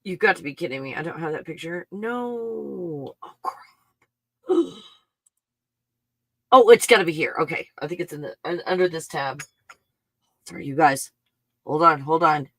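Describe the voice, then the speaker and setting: A livestream host talking through an excited monologue, thinking aloud, bursting into exclamations and swearing under the breath. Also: mid-range voice, normal speed, long pauses, no room sound. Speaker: live stream host.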